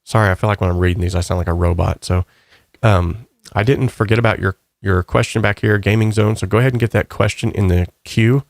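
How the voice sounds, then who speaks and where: Male host, low gravelly voice, dry close sound, casual rambling comment-reading. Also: fairly quick, no room sound. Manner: rambling, relaxed, upbeat. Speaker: channel host.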